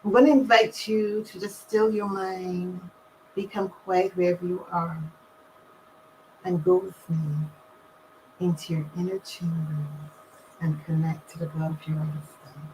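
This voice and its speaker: A woman from Barbados leading a calm, meditative invocation prayer. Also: on the low side, measured pace, slight background noise, low-quality recording. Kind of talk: slow guided prayer.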